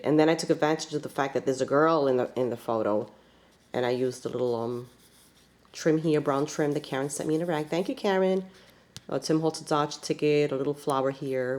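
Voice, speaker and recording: A woman talks casually through her scrapbook pages, stopping and restarting with plenty of fillers. Her voice sits very low in pitch. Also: a little mellow. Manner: chatty, rambling, many fillers. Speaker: scrapbook crafter. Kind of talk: casual show-and-tell.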